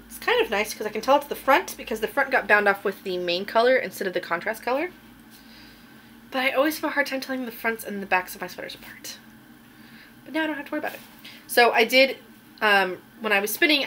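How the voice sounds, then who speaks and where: A woman's voice: fairly high pitch, pushed and bright, a little hiss or hum. A woman hosting a knitting podcast, chatting casually and rambling a little with plenty of ums as she shows her finished projects. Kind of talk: casual show-and-tell chat.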